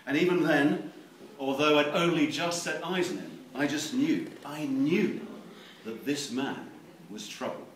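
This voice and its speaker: A man reading a novel aloud at a live event, theatrical and expressive. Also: a little high, unhurried. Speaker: reader. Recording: echoey room, distant mic, faint noise.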